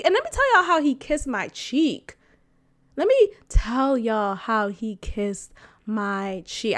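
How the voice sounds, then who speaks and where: Woman, podcast host, high-pitched, blunt, candid storytelling, swears casually. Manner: animated, blunt, swears freely, laughs while telling.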